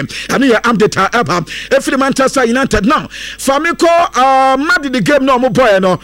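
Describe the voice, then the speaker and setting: A man presenting football news in a lively, casual way, lilting into a sing-song now and then. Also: very high-pitched, moderate pace, dry recording. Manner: lively, mixes English into Akan, sing-song lilts and bursts of laughter.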